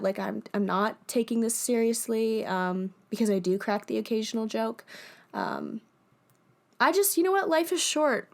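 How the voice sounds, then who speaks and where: A young woman hosting her own podcast, talking casually and candidly, laughing often and swearing freely. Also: fairly high pitch. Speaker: podcast host. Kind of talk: casual personal monologue.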